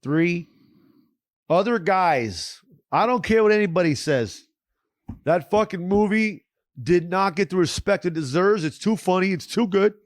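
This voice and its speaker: A man with a slightly high voice co-hosts a casual comedy podcast, rambling and cursing between jokes. The sound is dry and close to the mic. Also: animated, unhurried, no echo. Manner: profane, joking, rambling. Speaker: podcast co-host.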